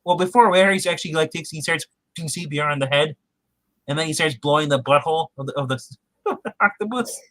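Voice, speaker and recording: A man's voice: a little high, fast talker, a bit bright, dry recording, poor audio. A man co-hosting a podcast, giving a casual episode recap and animatedly acting out the characters' quotes. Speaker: podcast co-host.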